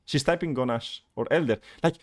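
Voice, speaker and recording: A man's voice: mid-range voice, fairly quick. Exasperated male coach. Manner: exasperated, animated critique. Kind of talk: live-streamed gameplay review.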